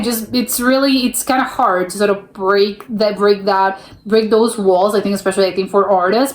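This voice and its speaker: A young American woman hosting a reaction video, thinking aloud in casual chat with many restarts. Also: mid-range voice. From United States. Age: young adult. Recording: roomy echo.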